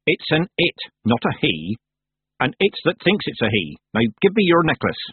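A man's voice: on the high side, huge pitch swings, normal speed, husky, no echo, pitched above the performer's own voice, heavily acted. A man voicing a stern old woman witch who snaps out bossy commands in a storybook reading. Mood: snappish. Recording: dry, phone-like narrow sound.

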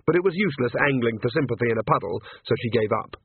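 A man's voice: mid-range voice, expressive, slightly rough, dry recording. Man narrating a novel over a tinny line. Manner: measured, dryly wry storytelling. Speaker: audiobook narrator. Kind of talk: scripted narration. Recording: tinny phone-like audiobook recording.

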